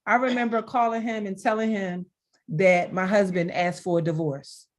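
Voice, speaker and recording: A middle-aged woman shares personal stories over a video call. She speaks expressively and warmly in tone, with a mid-range voice, and she often breaks into laughter. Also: mid-range voice, fairly even intonation, moderate pace. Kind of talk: heartfelt conversational storytelling.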